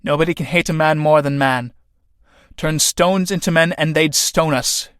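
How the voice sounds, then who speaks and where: A man voicing a stern male factory director who speaks gravely and in measured phrases in a read-aloud play. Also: a little high, steady tone, fairly bright tone, no echo, studio quality, close to an everyday voice.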